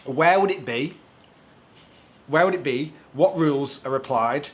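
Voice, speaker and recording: Chatty young golf coach, man. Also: fairly high pitch. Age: young adult. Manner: chatty, halting, with frequent restarts. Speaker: golf coach and show co-host. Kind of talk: casual Q&A chat.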